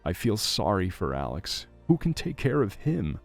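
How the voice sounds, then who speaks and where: A man voicing a sick young mother with a hoarse voice, speaking tearfully and in despair. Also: fairly low pitch, wildly swooping pitch, moderate pace, faint music behind, full character voice.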